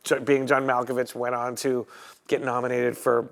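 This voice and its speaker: Gravelly-voiced man telling lively stories. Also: medium pitch, moderate pace. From Chicago, USA. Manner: animated storyteller who acts out other people's lines. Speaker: guest, photographer. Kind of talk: casual storytelling interview.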